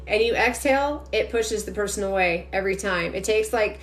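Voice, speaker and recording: A woman giving an intuitive energy reading to viewers during a casual phone livestream, talking quickly and emphatically and addressing the audience directly. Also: medium pitch.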